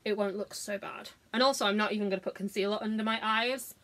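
A woman's voice: medium pitch, fairly even intonation, fast talker, fairly bright tone. A woman, chatting casually through a makeup tutorial, sweary, giggly and self-mocking. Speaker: beauty vlogger.

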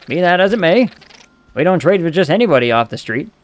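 A man's voice: high-pitched, very animated, fast, voice pushed up. A man voicing Took, a scrappy male raccoon junk dealer with a brash, wheeling-dealing patter, as he reads a video game aloud.

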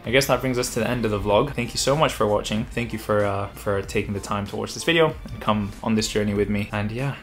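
A young man in his twenties, a medical student, chatting casually to his camera with a relaxed, easygoing manner. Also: fairly low pitch. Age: 20s. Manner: relaxed, chatty, says "mad" a lot. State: out of breath while walking. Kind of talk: casual vlog talk to camera. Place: London streets and home.

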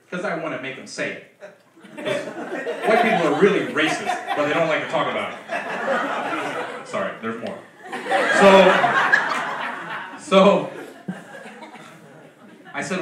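A man's voice: mid-range voice, normal speed, pauses often. A man doing a stand-up comedy set on a club stage, telling stories with acted-out dialogue. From Philadelphia, United States. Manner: lively storytelling with acted dialogue. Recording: echoey club, distant mic, audience noise. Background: audience laughter.

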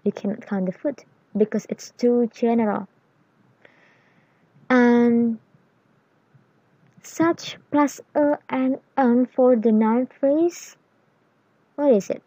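A woman explaining English grammar in a lesson, reading example words and phrases deliberately. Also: a little high, fairly even intonation, warm tone, dry recording, dull audio.

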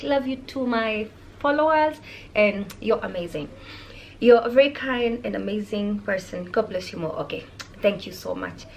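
A young Kenyan woman vlogging, speaking calmly and softly as she reads out viewer comments and answers them. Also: mid-range voice, vocal fry, a little hiss or hum. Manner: calm, soft-spoken, reads viewer comments aloud and replies. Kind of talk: casual vlog chat.

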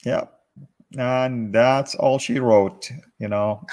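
A man's voice: medium pitch, steady tone, takes it slowly, darkish tone. A man in casual talk, cutting in with sarcastic remarks. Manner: sarcastic interjections. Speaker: talk show co-host. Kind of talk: casual chat.

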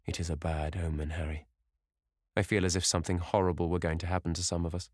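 A man voicing a sensitive, brooding young gentleman who speaks in a subdued, anxious way, in an audiobook reading. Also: sits low, little pitch movement, quick pace, no echo, clean studio sound. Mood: gloomy.

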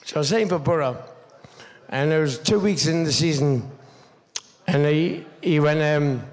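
A man in his fifties with a Geordie accent tells rambling stories on stage, swearing freely and restarting often. His voice sits fairly high and has a gravelly edge. It carries a long hall reverb from a stage mic. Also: unhurried. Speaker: guest speaker. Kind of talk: stage anecdote telling.

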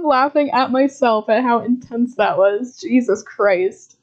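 Woman, game streamer, slow drawling talk, swears and laughs at her own scares, dull muffled audio. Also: on the high side. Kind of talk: live gameplay commentary.

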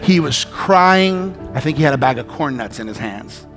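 A man preaching a sermon as a pastor, telling a story with animated delivery and acting out panicked shouts and dialogue. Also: medium pitch, normal speed, soft background music.

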